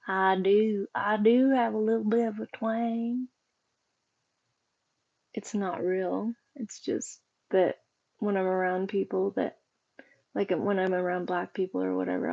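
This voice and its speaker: A woman's voice: mid-range voice, fairly even intonation, takes it slowly, vocal fry, long pauses, dull audio. A woman livestreaming, chatting casually and rambling with her viewers while she sorts boxes, and greeting them by name.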